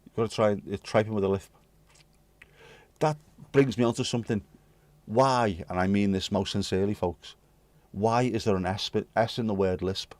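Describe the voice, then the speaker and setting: With a lowish, steady voice at normal speed and frequent pauses, a British livestream host from the UK addresses his live chat casually. He rambles cheekily through the messages, joking and swearing, and there's no echo.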